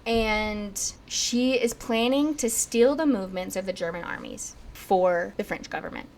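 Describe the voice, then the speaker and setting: This medium-pitched young woman speaks at a measured pace, with a little hiss or hum in the recording. Casually telling a history story for a podcast, she chats freely, says "like" a lot, and acts out quotes in animated moments.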